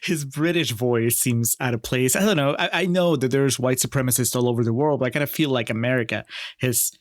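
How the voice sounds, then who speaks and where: A man's voice: medium pitch, a little fast, dry recording. A man with a mid-range voice co-hosting a casual film podcast. He talks in an easygoing, chuckling way and sets up the review quotes. The sound is close and dry, with no room. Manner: laughs often, easygoing, reads quotes aloud. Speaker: podcast co-host.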